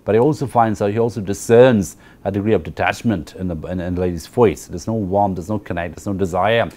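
A man's voice: low-pitched, a little fast, a little mellow. A man giving a university literature lecture. He explains at length, repeats key phrases and often checks with the class by asking "right?".

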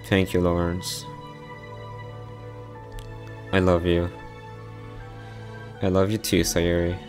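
Man, deep voice, unhurried, soft heartfelt reading, visual novel story. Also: completely flat delivery, faint music behind.

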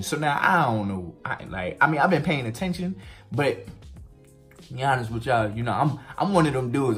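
Man, casual storytime vlogger, very lively pitch, swearing freely, faint music underneath. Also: normal speed. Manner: animated, profane, swings pitch widely for emphasis.

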